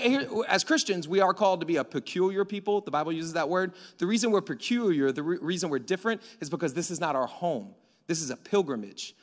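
A man delivers a sermon in a casual, storytelling way, full of quick asides. His voice sits high for a man. The sound carries a long reverb from a large church hall. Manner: conversational, storytelling, animated with asides. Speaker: pastor. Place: church auditorium.

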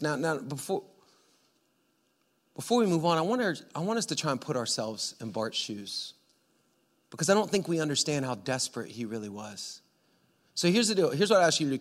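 A man preaching a sermon in church, telling the story dramatically and swinging from hushed tones to loud cries. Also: mid-range voice. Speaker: pastor.

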